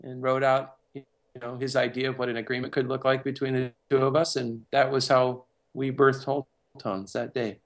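A man's voice: medium pitch, little pitch movement, moderate pace. A man who works as a music producer and composer, telling a personal story in a casual interview and acting out other people's lines as he goes.

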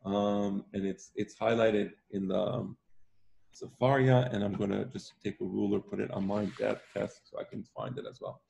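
A man's voice: lowish voice, fairly even intonation, normal speed, gravelly, darkish tone. A man teaching an online Talmud class, emphatic and repetitive, often checking in with "right?". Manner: emphatic, repeats himself, stresses points with "right?".

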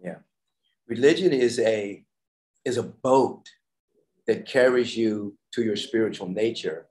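A man who is a spiritual leader, praying aloud in a slow, measured, incantatory cadence and then talking in a calm conversation. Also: fairly low pitch. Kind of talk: spoken prayer and conversation.

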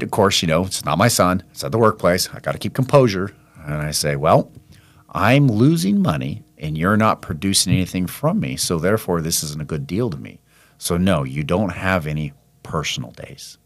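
Low-voiced man ranting animatedly. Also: brisk, dry recording. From California. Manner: animated storytelling, acts out dialogue in quoted voices. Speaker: podcast host and business owner. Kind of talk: ranting monologue.

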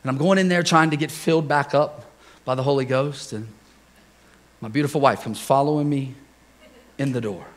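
A man preaching a relaxed, conversational sermon to his congregation, telling personal stories with frequent chuckles and questions to the crowd. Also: medium pitch, normal speed, pauses often. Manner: jokey, chuckles often, asks the congregation questions. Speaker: pastor. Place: church service before a congregation.

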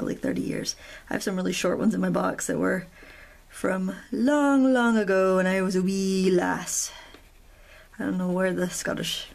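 A middle-aged woman talks through a coloring tutorial in a loose, chatty way, drifting into self-deprecating asides. Her voice has a gravelly fry at a middle pitch. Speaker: craft tutorial host. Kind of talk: real-time coloring tutorial.

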